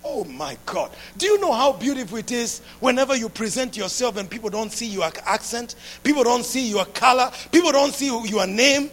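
A man preaching a sermon with passion, repeating phrases and building up to shouts. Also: extremely high pitch, animated, moderate pace, few pauses.

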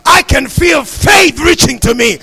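A holy man, as voiced by a preacher, declares in a fervent shout that he feels faith reaching him. The tone is bright and forceful, with a gravelly edge, and it sits unusually high for a man. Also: lively intonation, unhurried, heavily acted.

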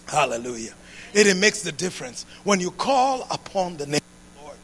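Man, preacher, sermon, very high voice, bright tense tone, impassioned, climbs to shouting. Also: expressive, fairly quick, slight background noise. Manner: impassioned, builds to shouting, repeats phrases.

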